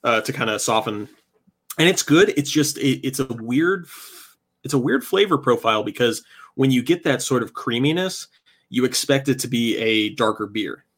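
A man's voice: medium pitch, moderate pace, husky. A man co-hosting a late-night podcast stream, chatting casually and laughing while he tastes beer and food. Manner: relaxed, laughing, rambling about beer. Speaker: podcast co-host. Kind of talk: casual chat.

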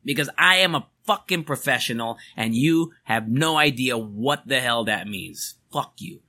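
A man's voice: medium pitch, lively intonation, normal speed, sharp tone. A young man hosting a podcast, ranting angrily and emphatically, swearing as he vents. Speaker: podcast host.

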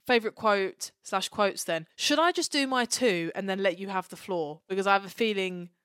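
A young woman co-hosting a podcast, chatting playfully and quickly. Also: medium pitch, a bit bright, smooth, no room sound, studio quality. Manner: playful, quick, laughs often. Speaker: podcast co-host. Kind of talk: casual chat.

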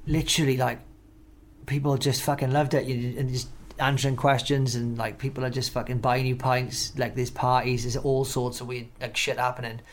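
A man telling stories as an interview guest, rambling and excitable, swearing constantly. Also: medium pitch, normal speed. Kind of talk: casual storytelling interview.

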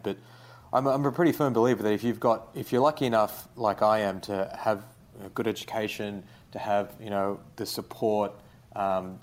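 A young Australian man, a writer being interviewed, talking in a relaxed, rambling way with lots of fillers. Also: on the low side. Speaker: guest, writer. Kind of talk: casual interview.

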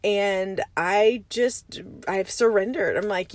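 A woman in her thirties with a raspy just-woken voice, hosting a casual solo podcast from a parked van, rambling and chatty with frequent laughs. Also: mid-range voice, normal speed, no room sound. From Arizona, USA. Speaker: podcast host.

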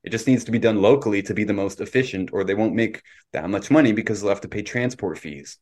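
A man's voice: lowish voice, fast talker, darkish tone. A man from Canada hosting a casual podcast discussion, opinionated and lecturing in tone. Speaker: podcast host.

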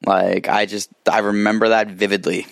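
A man's voice: fairly low pitch, little pitch movement, normal speed, gravelly, dry recording, clean studio sound. A man co-hosting a casual podcast, swearing freely and running himself down. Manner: profane, self-deprecating. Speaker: podcast co-host. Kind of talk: casual chat.

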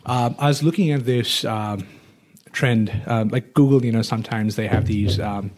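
A man hosting a podcast in a casual chat, asking curious questions and pausing often with fillers. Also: on the low side, darkish tone. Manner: curious, hesitant with many fillers. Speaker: podcast host.

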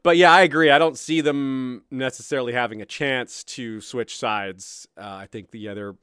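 Cohost guy, smooth clear voice, dead dry sound, chatty, laughs a bit. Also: mid-range voice, fairly even intonation, normal speed, fairly bright tone, no echo. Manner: chatty, laughs between points. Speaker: podcast co-host. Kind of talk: casual discussion of fantasy lore.

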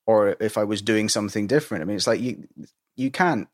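A man's voice: fairly low pitch, fairly quick, dry recording, clean studio sound. A man from Scotland, a film director, speaking as a guest in a casual interview, thoughtful and hedging with many restarts.

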